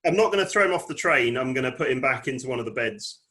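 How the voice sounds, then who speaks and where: A man playing a tabletop game, declaring his character's actions with quick, agreeable replies. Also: mid-range voice, animated, a loud crowd. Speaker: player. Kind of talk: casual tabletop play.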